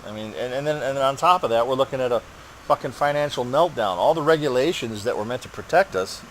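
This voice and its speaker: A man's voice: mid-range voice, fast. A man rambling through a personal update while he plays a game, in a mid-range voice. He swears freely and rants in a frustrated way. A faint air conditioning hum sits behind him. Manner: profane, ranting, frustrated. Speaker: gaming channel host.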